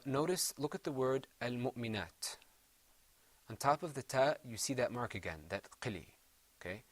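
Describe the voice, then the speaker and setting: A man teaching Quran recitation, patiently encouraging his students and trailing off softly after each bit of praise. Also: medium pitch, no echo. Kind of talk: gentle classroom instruction.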